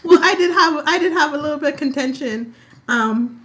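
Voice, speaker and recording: High, bright, expressive young woman. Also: fairly quick. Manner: expressive, acts out quotes, joking. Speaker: podcast co-host. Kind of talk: casual recap chat.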